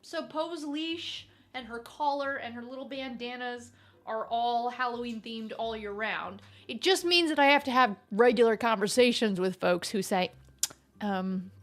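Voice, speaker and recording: High voiced lady streamer just chatting, playful, giggly, saying hi to chat. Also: unhurried. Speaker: live-stream host. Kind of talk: casual live-stream chat.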